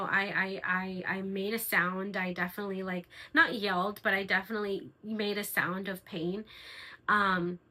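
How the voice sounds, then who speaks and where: A woman's voice: medium pitch, sharp tone, rough recording. A young woman earnestly telling a personal story in a casual, emotional way, with many fillers and restarts. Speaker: vlogger sharing her birth story.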